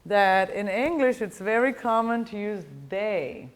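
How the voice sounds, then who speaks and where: A woman's voice: mid-range voice, a little slow. A middle-aged woman, a native German speaker, teaching German in a bare classroom, explaining grammar in English with German mixed in and checking in with "ja?" and "you know". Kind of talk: classroom lecture.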